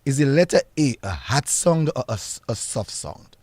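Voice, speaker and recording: A man hosting a radio call-in show, taking callers and asking questions with halting restarts. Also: mid-range voice, very animated, a little mellow, breathy edge, no echo. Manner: halting, repeats words as he starts questions.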